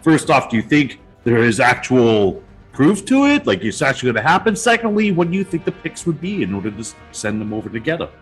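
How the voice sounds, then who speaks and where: A man's voice: medium pitch, wildly swooping pitch, a little fast, hardly any pauses, soft background music, rough recording. A man co-hosting a casual sports podcast, teasing his partner and laughing often. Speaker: co-host.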